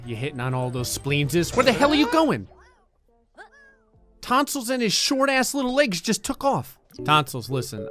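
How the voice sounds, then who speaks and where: A man giving sarcastic, comedic commentary over a life-sim game, often jumping into silly high voices. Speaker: gaming channel host.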